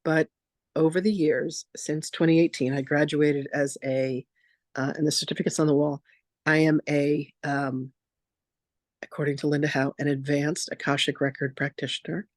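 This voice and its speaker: A woman spiritual teacher leading a masterclass, telling stories in a chatty, animated way with lots of casual fillers. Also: low-pitched, normal speed, no room sound, clean studio sound. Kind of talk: casual storytelling lecture.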